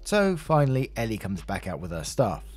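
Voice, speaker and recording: A man's voice: fairly low pitch, huge pitch swings, moderate pace, breathy edge, faint music behind. A man narrating a Reddit story in a conversational way, adding his own asides.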